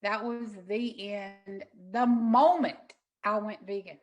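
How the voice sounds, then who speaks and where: A middle-aged woman, a guest in an interview, telling an emotional story in an earnest, halting way with many restarts. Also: medium pitch, steady tone, low-quality recording. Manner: earnest, halting, repeats words when moved. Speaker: interview guest, sanctuary owner.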